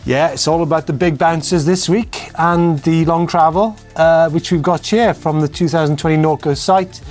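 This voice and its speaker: A man's voice: on the high side, moderate pace, a little mellow, soft background music. Playful man hosting a chat show. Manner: chatty, playful, reads out viewer comments. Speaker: show host. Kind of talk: casual studio chat.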